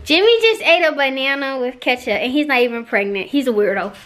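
High bright-voiced teasing woman vlogger. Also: lively intonation, brisk. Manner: playful, teasing, talks straight to viewers. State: out of breath, tired. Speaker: vlogger co-host. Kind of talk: casual couple vlog.

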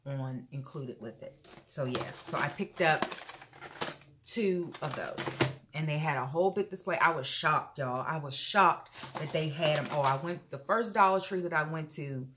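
A woman chatting casually to her viewers in an animated haul vlog, calling them y'all and feeling a little unwell. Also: low-pitched, normal speed, noisy background. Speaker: vlogger.

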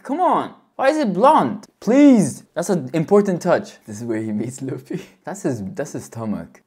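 Low-voiced excitable woman reacting. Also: unhurried, hardly any pauses, breathy edge. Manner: excitable, slangy, laughs often. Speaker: reaction video host. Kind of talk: casual reaction commentary.

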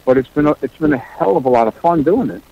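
A man's voice: a little high, expressive, quick pace, dry recording, dull audio. A middle-aged man, a guest on a radio talk show, answering in a laid-back way with short, plain replies. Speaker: guest, entrepreneur. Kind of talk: radio interview.

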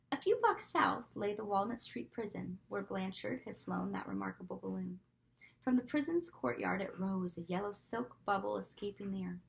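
A woman reading a novel aloud with expressive storytelling, often dropping to a whisper for asides. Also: mid-range voice, vocal fry, poor audio. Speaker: reader.

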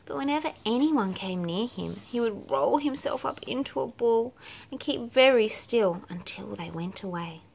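Storybook narrator, woman, lively pitch with a gravelly edge, gentle reading. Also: moderate pace. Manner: gentle, expressive, dropping to a whisper at lulls. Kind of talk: reading a picture book aloud.

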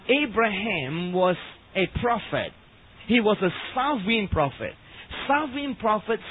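A husky, fairly high-voiced man preaching a teaching sermon. He talks slowly and emphatically, and his voice swells loud on key phrases. The archive recording is narrow and tinny, like a phone line.

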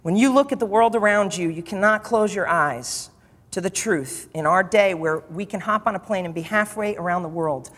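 Male preacher, emphatic sermon delivery with repeated lines; light, higher voice; large reverberant hall. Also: moderate pace, a bit bright. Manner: emphatic, repeats phrases for effect.

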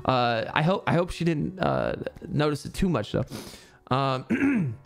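Casting: young man, streamer, loose rambling chat, cusses freely, slightly high voice, faint music underneath. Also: big pitch swings, unhurried, gravelly. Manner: rambling, swears freely, many fillers. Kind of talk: casual chat while gaming.

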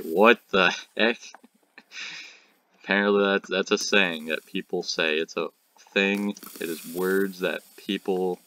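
Teenage boy, gaming commentary, deep-pitched, bright tense tone, rambling, jokey. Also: slight background noise. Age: teen. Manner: rambling, jokey, talks to enemies on screen. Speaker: gaming channel host. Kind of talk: casual gameplay commentary.

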